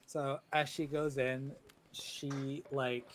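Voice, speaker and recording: A man running a tabletop game as dungeon master, telling the story in an unhurried way with many fillers. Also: mid-range voice, little pitch movement, a bit bright, slight background noise. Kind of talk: narrating a tabletop game over a video call.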